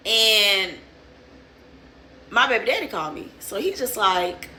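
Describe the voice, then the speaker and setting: A woman's voice: mid-range voice, animated, unhurried, bright, forceful tone. A young woman telling a story in casual, profane, streetwise slang.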